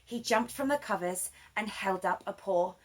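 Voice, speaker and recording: A woman reading a rhyming children's picture book aloud, with an expressive, sing-song delivery. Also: medium pitch, moderate pace. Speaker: children's story reader. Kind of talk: rhyming storybook read-aloud.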